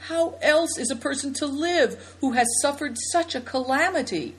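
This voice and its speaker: A woman's voice: mid-range voice, sing-song. Woman voicing an eager, emotional young girl. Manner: emotional, quick to protest.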